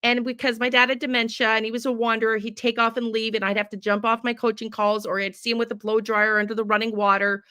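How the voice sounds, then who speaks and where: A woman's voice: fairly high pitch, flat delivery, fast talker, few pauses, sharp tone, clear, resonant tone, dry recording, clean studio sound. A middle-aged woman ranting with heavy profanity while chatting with viewers on her livestream. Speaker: true crime tarot livestreamer. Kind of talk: casual livestream talk with chat.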